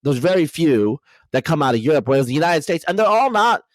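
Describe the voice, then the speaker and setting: Fast-talking male podcast host. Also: on the high side, no echo. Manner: rapid, animated, many fillers and restarts. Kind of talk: casual conversational interview.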